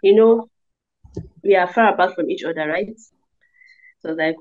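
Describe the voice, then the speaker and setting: A woman's voice: on the low side, normal speed. A woman recounts her story as an interview guest. She tells it with animation and acts out the voices of people she quotes. The recording sounds dull and lo-fi. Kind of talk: testimony interview. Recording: dull lo-fi audio.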